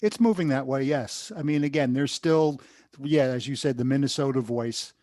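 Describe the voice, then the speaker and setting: A man's voice: mid-range voice, normal speed, a little mellow, no echo, studio quality. A man from Queens with a New York accent, a broadcaster speaking earnestly on a panel. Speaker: radio broadcaster and teacher. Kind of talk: panel discussion.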